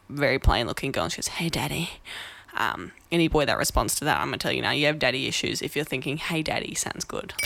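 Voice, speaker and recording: A woman's voice: low voice, creaky, fairly bright tone, no room sound. A woman, a bit drunk and rambling in a chatty, self-deprecating way as she hosts a casual vlog. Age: 20s. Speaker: vlog host. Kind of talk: casual tipsy rant to camera.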